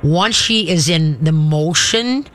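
A man hosting a call-in advice show as a dog trainer, chatting folksily with many restarts and dropping into low, firm commands when he demonstrates. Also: animated, slow pace, fairly bright tone.

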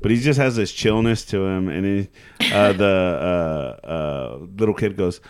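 A man's voice: low voice, a little slow, smooth. A man co-hosting a podcast in casual chat, making self-deprecating jokes and swearing. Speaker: podcast co-host.

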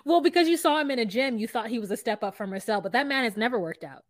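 A woman's voice: on the high side, lively intonation, fast, no room sound. A woman co-hosting a podcast, retelling a scene in casual chat and acting out both sides of it. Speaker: podcast co-host.

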